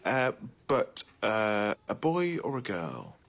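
A fumbling, kindly doctor. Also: male voice, on the low side, huge pitch swings, slow pace, gravelly, fairly bright tone, full character voice. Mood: awkward. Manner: hesitant, stumbling over words. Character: awkward kindly male doctor giving news.

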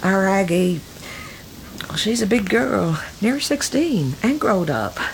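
Worried proper mother, halting rural speech, gravelly edge ; woman actor. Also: medium pitch, big pitch swings, a little hiss or hum, exaggerated voice, poor audio. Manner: hesitant, halting, rural dialect.

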